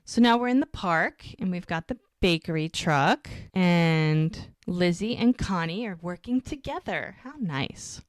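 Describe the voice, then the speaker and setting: Woman podcaster recapping episodes, lively chatty retelling, dry close sound. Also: lowish voice, a little slow, few pauses, dry recording. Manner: animated retelling of scenes, quoting characters. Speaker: podcast co-host. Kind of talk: casual rewatch recap chat.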